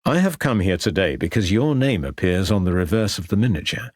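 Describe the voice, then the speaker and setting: A polite, persistent Victorian police inspector who asks formal, probing questions, read by a male narrator. The voice is low and a little husky, with a lively rise and fall. The sound is dry and close. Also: fairly quick, no room sound.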